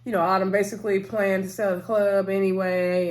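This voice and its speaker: A woman's voice: medium pitch, steady tone, normal speed. A woman giving a casual, rambling recap of a TV episode. She fills her talk with "so anyway" and "um" and speaks to her viewers in a familiar way. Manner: rambling, loose, full of fillers like "so anyway" and "um"; chatty and familiar, addressing viewers directly. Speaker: TV episode reviewer.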